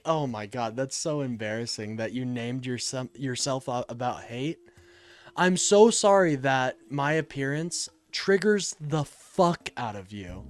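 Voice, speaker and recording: A man's voice: mid-range voice, lively intonation, a little slow, soft background music. A young man hosting a political live stream, reading chat and answering it in a heated, exasperated way. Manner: heated, exasperated, swings between loud and muttered.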